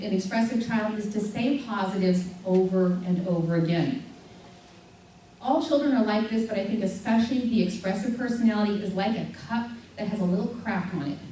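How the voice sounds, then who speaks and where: A middle-aged woman giving a lively talk to a parents' group, acting out stories with big jumps in her voice and frequent laughs. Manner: animated storyteller, acts out voices of her daughter with big pitch jumps and laughs. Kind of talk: live talk to an audience. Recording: echoey hall from far off, faint hum.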